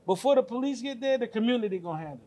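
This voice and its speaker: Man, high voice, podcast co-host, storytelling, casual group talk. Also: lively intonation, rapid-fire, dark tone. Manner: storytelling, retelling conversations with quoted lines.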